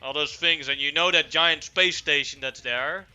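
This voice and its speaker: Bright-voiced man running a tabletop game. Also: fairly high pitch, normal speed, clear, resonant tone, soft background music. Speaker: game master.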